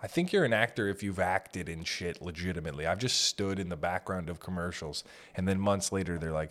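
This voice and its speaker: A young man with a somewhat low voice hosts a podcast, drifting from tangent to tangent in a loose, self-deprecating comic monologue. He swears freely and keeps circling back to his own half-finished thoughts. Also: a little fast. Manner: meandering, self-deprecating, swears casually, breaks into loud mock shouts. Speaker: podcast host. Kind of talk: rambling comedic monologue.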